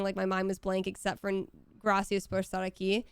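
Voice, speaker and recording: A woman chatting on a casual stream from home, telling animated stories with some casual swearing. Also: mid-range voice, fast talker, few pauses, clean tone, no echo, clean studio sound. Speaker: voice actor signing on stream.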